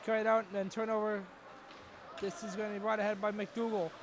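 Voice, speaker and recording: A young man with a very high voice calls a hockey game play by play. He talks quickly and excitably and breaks into shouts on every scoring chance, over a loud, noisy rink. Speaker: play-by-play commentator. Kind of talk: live hockey play-by-play commentary.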